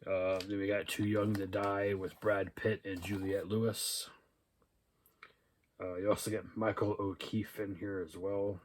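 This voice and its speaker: A man's voice: on the low side, a little slow, very noisy. A young man casually going over his thrift-store movie finds, rambling with lots of fillers. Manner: relaxed and rambling, with many "uh" and "um" fillers. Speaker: thrift haul vlogger. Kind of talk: casual haul video, reading out DVD titles and cast lists.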